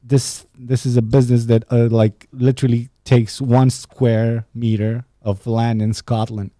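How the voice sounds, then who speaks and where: A young man from Romania hosts a casual solo podcast, talking loosely and profanely and laughing at his own jokes. His voice sits low and dark. It is recorded close and dry, with no room around it. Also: no echo. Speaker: podcast host. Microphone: studio podcast mic.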